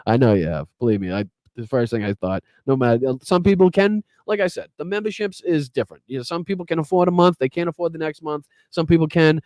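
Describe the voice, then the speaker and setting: A man with a Boston accent hosts a live stream, reading out viewer names and thanking them in a loose, profane, chatty way. His voice is mellow and warm, in a dry room with little echo. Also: on the high side, quick pace. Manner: casual, profane, grateful, many fillers. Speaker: podcast host. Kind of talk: live stream chat shout-outs.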